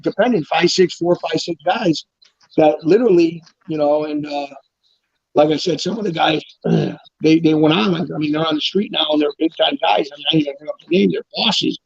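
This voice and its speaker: Middle-aged guy rambling thru stories fast, cusses a lot, slightly high voice, dry dull sound. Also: vocal fry, husky, no echo. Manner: rambling storyteller, swears freely, acts out quotes loudly. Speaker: guest telling prison stories. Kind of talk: casual chat.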